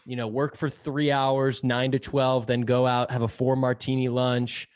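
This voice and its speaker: A man's voice: medium pitch, level tone, a little slow, dry recording. Chatty man who laughs and swears. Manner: rambling, filler-heavy, laughs often, swears casually. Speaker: podcast guest, sales podcast host. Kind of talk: casual interview chat.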